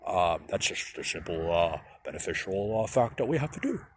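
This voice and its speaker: A man's voice: sits low, sing-song, moderate pace, slight background noise, pitched below the performer's own voice. A man imitating a droning old politician. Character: older male politician droning about healthcare.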